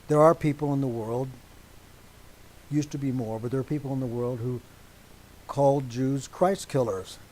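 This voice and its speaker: A man preaching a teaching sermon to a congregation, deliberate and emphatic, stopping often to check that his listeners agree. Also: mid-range voice, dark tone, rough recording.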